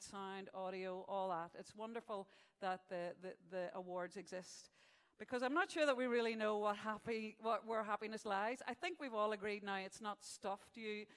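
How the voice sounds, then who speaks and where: A woman with a smooth, mid-range voice hosts a live awards event from a venue stage in a large hall. Between announcements she jokes with the crowd in a chatty, stand-up style, delivering gags with punchlines.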